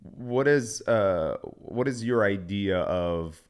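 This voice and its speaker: A man interviewing on a podcast, asking questions haltingly with restarts. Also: lowish voice, expressive, clean tone.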